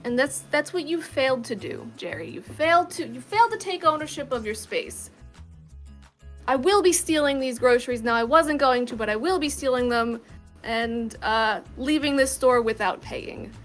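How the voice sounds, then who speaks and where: A woman guest playing a comedic tabletop game, speaking her character's actions in a mock-earnest, halting way. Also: sits high, soft background music. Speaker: guest player.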